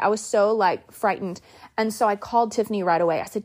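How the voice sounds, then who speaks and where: A woman's voice: medium pitch, quick pace. A woman in her thirties hosting a podcast, telling stories in a casual way and acting out the quoted lines. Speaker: podcast host. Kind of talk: casual storytelling.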